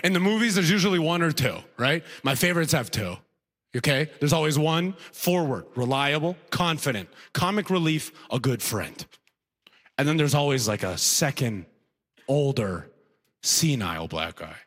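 A man's voice: fairly high pitch, animated, moderate pace, a bit bright. A man doing stand-up comedy, telling a self-mocking story with lots of animation.

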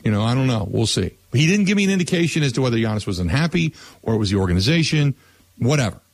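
A man's voice: mid-range voice, very animated, racing, dry recording. A man hosting a sports talk radio show and taking calls, talking casually and repeating words as he starts his sentences.

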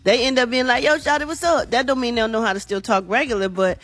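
Chatty radio lady doing celeb news, lilt, kinda husky, laughs easy. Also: fairly high pitch, quick pace, a bit bright, no echo. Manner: chatty, laughs easily, casual asides. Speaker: entertainment news host. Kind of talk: morning radio entertainment report.

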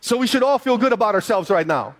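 A pastor preaching a sermon, reading scripture aloud and pressing points with earnest, repeated phrases. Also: male voice, high voice, sing-song, fast talker.

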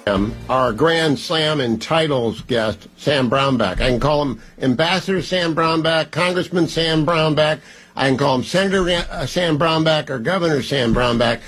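A man's voice: a little high, normal speed, a bit bright, soft background music. A man hosting a talk radio interview in a chatty way, with small stumbles.

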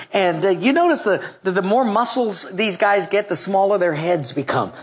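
A preacher delivers a sermon in front of a congregation, spinning a funny story and trading call-and-response with the listeners. The voice sits in an ordinary middle pitch. Jokes and direct questions to the room keep the delivery lively. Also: breathy edge. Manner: leads call-and-response with the audience. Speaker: pastor. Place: before a live congregation.

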